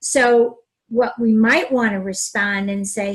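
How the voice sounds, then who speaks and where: A woman co-hosting a relationship advice talk, speaking in a calm, gentle way. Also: fairly high pitch, slow, few pauses, rough recording. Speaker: relationship coach, co-host.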